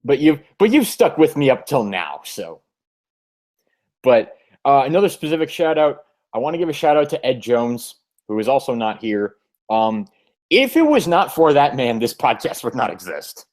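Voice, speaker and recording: A man's voice: medium pitch, sing-song, moderate pace, darkish tone. A man hosting a podcast, chatting casually and rambling, with frequent restarts and self-deprecating asides. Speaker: podcast host.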